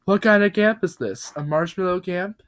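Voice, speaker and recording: A man doing a shrill, frantic talking truck. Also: slow pace, heavily acted. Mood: excited. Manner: shrill, excited, then swearing in horror. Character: panicked talking cartoon truck, high and frantic.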